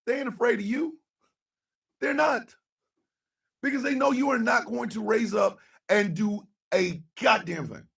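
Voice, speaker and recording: A man hosting a radio show, ranting angrily and sarcastically about politics, swearing and often shouting. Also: very high-pitched, measured pace, creaky, long pauses, distant mic. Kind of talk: angry political rant.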